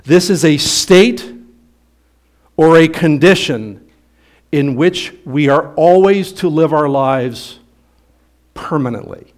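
Preacher guy w a slightly high voice, gets loud and punchy then trails off low. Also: slow pace, long pauses. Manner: emphatic preaching, rising loud on quoted passages. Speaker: pastor. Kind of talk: sermon.

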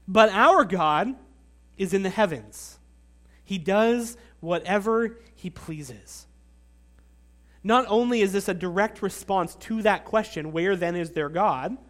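Male pastor, high voice, earnest sermon delivery with measured pauses. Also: a bit bright.

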